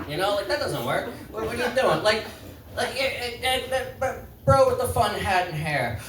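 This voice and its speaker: A man doing a stand-up set in a pub, rambling and halting in a self-deprecating way. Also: high voice, lively intonation, a bit bright, a little hiss or hum. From Canada. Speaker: stand-up comedian. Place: pub comedy stage. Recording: roomy pub, distant mic, crowd laughter. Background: audience laughter.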